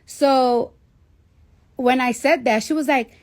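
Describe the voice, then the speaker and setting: A woman's voice: high-pitched, fairly even intonation, slow, a little mellow. A woman in her thirties telling a personal story casually, with blunt, profane talk and lots of fillers. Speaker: celebrity on a livestream.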